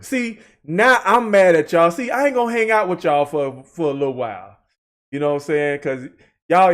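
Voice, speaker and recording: A man hosting a reaction video, talking in casual, joking commentary with rambling asides. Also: sits high.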